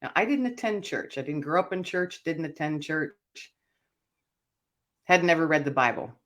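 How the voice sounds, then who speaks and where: A woman, an author and speaker, telling her personal story as an interview guest in an earnest, reflective way that often drops quiet. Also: deep voice, animated, normal speed.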